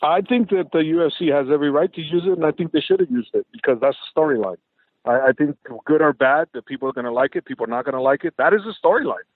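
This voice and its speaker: A man's voice: fairly high pitch, fast talker, no room sound. A man, an MMA coach, telling stories in a phone interview and acting out quoted dialogue with lots of energy. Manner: animated, acts out quoted dialogue. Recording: tinny phone line, dry.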